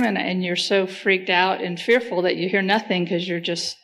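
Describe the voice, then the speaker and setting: A woman with a somewhat low voice leads a casual faith discussion. She talks earnestly and reflectively, thinking aloud as she goes. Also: steady tone, normal speed, a bit bright.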